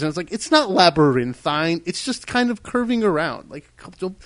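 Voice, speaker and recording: A man on a casual podcast, ranting with heated emphasis. His voice is a little high and sounds very dry and close. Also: lively intonation, normal speed, few pauses, no room sound. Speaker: podcast co-host.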